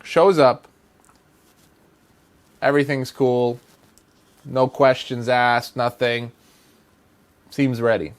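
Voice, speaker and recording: A man's voice: medium pitch, fairly even intonation, takes it slowly, long pauses. A man giving acting advice in a blunt, exasperated rant, hammering points with repetition. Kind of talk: direct-to-camera advice rant.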